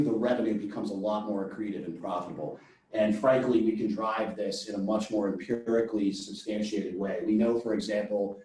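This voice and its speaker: A man's voice: fairly low pitch, darkish tone. A man answering a judge's question about his business over a video call, thoughtful and full of business jargon. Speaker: company founder answering a judge. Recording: very echoey room, far from the mic.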